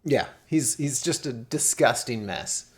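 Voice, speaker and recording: A man's voice: medium pitch, unhurried, slightly rough. A man narrating a tabletop horror game as game master, rambling with many fillers and restarts and laughing often.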